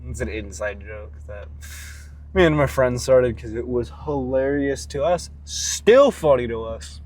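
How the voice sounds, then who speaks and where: A man's voice: mid-range voice, unhurried. A man talking casually in a vlog, rambling and swearing freely as he rants and muses about his workouts. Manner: profane, rambling and animated. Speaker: fitness vlogger.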